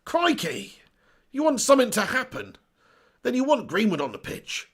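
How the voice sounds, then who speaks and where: A man's voice: extremely high pitch, huge pitch swings, a little fast, husky. A man in his thirties hosting a live football watch-along, reading out chat messages and reacting with swearing and banter. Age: 30s. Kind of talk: live-streamed match reaction.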